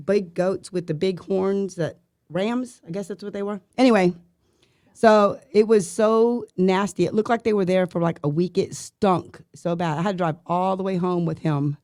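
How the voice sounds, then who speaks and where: A middle-aged woman tells a rambling anecdote on a podcast, at a middle pitch. She acts out the sounds and voices in her story, and her voice is recorded close and dry, with no room around it. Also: no echo. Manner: lively storyteller who mimics sounds and voices. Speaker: guest, surviving spouse of an officer.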